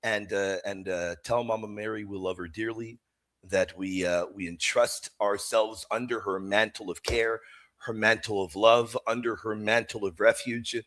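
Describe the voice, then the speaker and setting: A middle-aged man hosting a live religious Q&A stream, emphatic and animated, jumping from loud exclamations to quiet asides. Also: fairly low pitch, normal speed. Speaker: host of a live Catholic apologetics stream. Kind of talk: livestream chat and Q&A.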